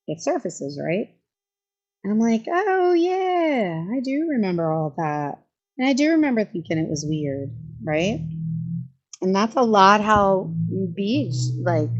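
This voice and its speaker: A woman with a somewhat low voice chats sarcastically through live commentary, laughing and restarting her sentences. The sound is dull and lo-fi. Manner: chatty and sarcastic, frequent laughs and self-interruptions. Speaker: commentary streamer. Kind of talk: casual livestream commentary.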